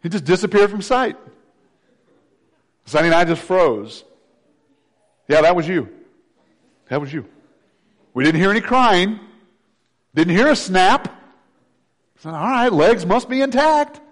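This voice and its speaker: A man preaching to his church, his fairly high voice leaping across a wide range. He drops to a hushed intensity, then climbs to loud, animated preaching. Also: unhurried, pauses often. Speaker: pastor. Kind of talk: sermon.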